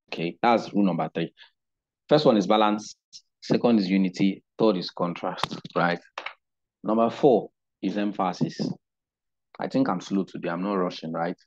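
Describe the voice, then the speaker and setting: A man teaching a digital marketing class online, unhurried and explanatory, often checking in with "right?". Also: deep voice, a little mellow, lo-fi sound. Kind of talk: live online class lecture.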